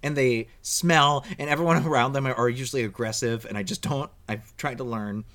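A man on a podcast in casual chat, rambling and self-deprecating, with sudden leaps up in pitch as he talks. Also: brisk, fairly bright tone. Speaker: podcast co-host. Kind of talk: casual chat recapping a TV episode.

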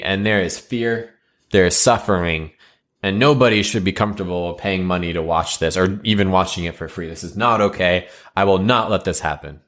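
A man's voice: low voice, a bit bright. A man as a solemn animal-loving hero. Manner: solemn, declaiming. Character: earnest male animal-loving hero who talks to animals.

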